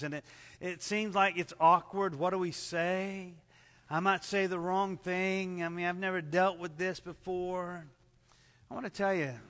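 A man preaching at a church service, earnest and measured, his voice sitting a bit high for a man. He often drops into soft, low tones to drive a point home, and a long reverb trails every phrase. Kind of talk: sermon.

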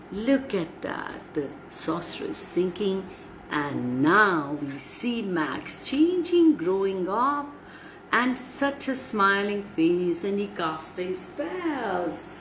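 A woman storyteller reading a storybook aloud to children and chatting with them, asking questions in a teacherly way. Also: mid-range voice. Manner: slow, warm, teacherly, asks children questions. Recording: roomy echo, faint room noise.

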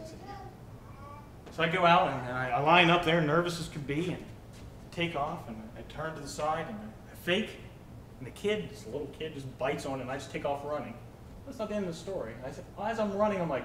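A young man preaching a sermon with a personal story, animated, acting out quotes and swinging from loud to soft. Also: brisk. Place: church. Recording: echoey church hall, mic at a distance, faint rumble.

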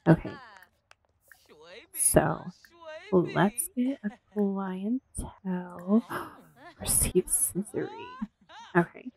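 A woman commentating casually on her own gameplay, gasping and voicing the characters in quick asides. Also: on the low side, vocal fry, darkish tone, low-quality recording. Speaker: gameplay streamer. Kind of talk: casual let's-play commentary.

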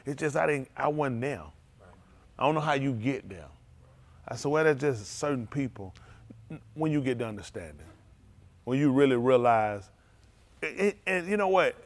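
A pastor preaches a sermon in informal, vernacular English, his delivery swinging between low murmurs and loud exclamations.

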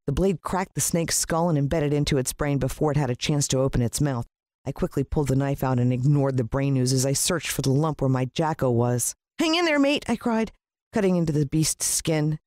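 Expressive storybook narrator. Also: normal speed, dry recording, clean studio sound. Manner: expressive, pitch leaps up for the dialogue. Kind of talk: storybook reading.

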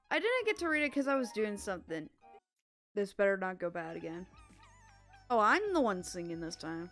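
A woman's voice: medium pitch, expressive, normal speed, fairly bright tone. A woman commenting on a video game as she plays, reading the characters' lines aloud and laughing often. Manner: giggly, reads character lines in playful voices. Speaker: gaming channel host. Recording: faint game music behind.

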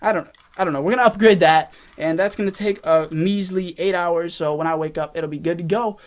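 A young man hosting a gaming channel, rambling excitedly to viewers as he plays a mobile strategy game and comments on each move. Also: high-pitched, a little fast. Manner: excitable, rambling, talks to viewers while playing. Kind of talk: casual gameplay commentary. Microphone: face cam.

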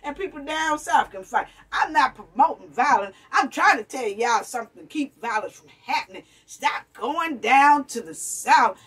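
High-pitched lady ranting at her viewers, cussing a lot, kinda husky, mic sits far off. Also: expressive, normal speed, hardly any pauses, fairly bright tone. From New York. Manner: blunt, profane, preachy, addresses viewers as family and honey. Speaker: commentary vlogger. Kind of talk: ranting commentary.

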